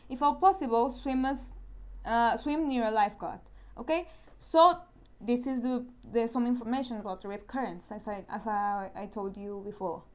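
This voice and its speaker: Woman teacher, Spanish accent, slightly high voice, careful explainer who repeats herself. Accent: Spanish-speaking. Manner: explains step by step, often repeats and restarts words. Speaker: science teacher. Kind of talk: recorded online science lesson.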